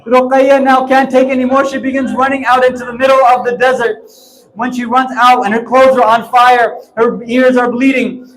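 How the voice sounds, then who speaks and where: A man delivers a mourning sermon, his voice sitting very high yet held to a narrow, flat line. He tells the story while crying, pushing through sobs with impassioned urgency. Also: moderate pace. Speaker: preacher.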